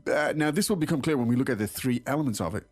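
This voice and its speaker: A man hosting a language lesson, explaining phrases in a relaxed way with fillers and restarts. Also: medium pitch, racing, faint music behind. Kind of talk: casual teaching chat.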